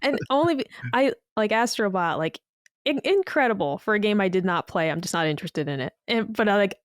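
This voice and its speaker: A woman's voice: medium pitch, lively intonation, brisk, no echo, clean studio sound. A woman co-hosting a casual gaming podcast, sardonic, joking and swearing freely. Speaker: podcast co-host.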